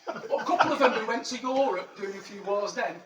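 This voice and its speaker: Here the comic's voice is high and animated, moving at a fairly quick clip as he rambles crudely in character as a boastful Roman legionary now based in Manchester. It's a stand-up character piece captured on a far-off mic, echoey and noisy.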